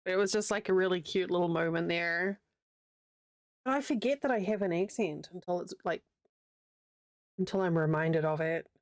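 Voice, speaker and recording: A woman's voice: fairly low pitch, moderate pace, pauses often, no room sound. Chatty New Zealand woman on a dry mic. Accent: New Zealand, with a slight American Southern tinge. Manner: chatty, rambling, laughs easily. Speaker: livestreamer. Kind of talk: casual chat while crocheting on stream.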